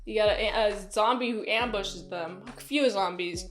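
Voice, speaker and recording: A woman casually reviewing a movie, recapping it in an animated, exclaiming, chatty way. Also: medium pitch, a little slow, soft background music.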